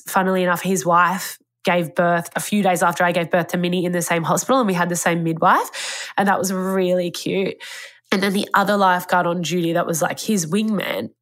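A woman in her thirties with a slightly low voice tells a story in a casual, rambling style. She is candid and swears freely as she talks. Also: a bit bright. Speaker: podcast host.

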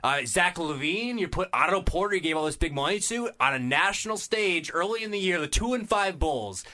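Lively, bright-voiced ranting sports host. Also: male voice, sits high, a little fast. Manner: exasperated, mocking.

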